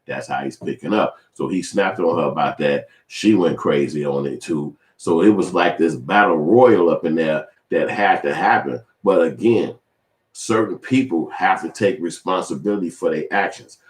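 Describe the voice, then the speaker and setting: A man's voice: sits low, moderate pace. A man giving casual, profane, rambling commentary as a vlogger. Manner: profane, rambling, acts out other people's voices. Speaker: vlogger commenting on celebrity feud. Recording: roomy echo.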